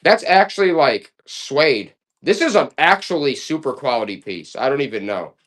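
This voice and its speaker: Auction stream host, animated pitch, jokey hard-sell patter. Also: moderate pace. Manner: joking, playful sales banter. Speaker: live online auction seller.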